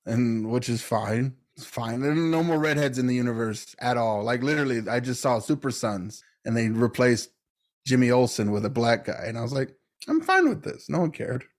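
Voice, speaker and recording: A man co-hosting a podcast in casual chat, joking around with quick asides. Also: mid-range voice. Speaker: podcast co-host.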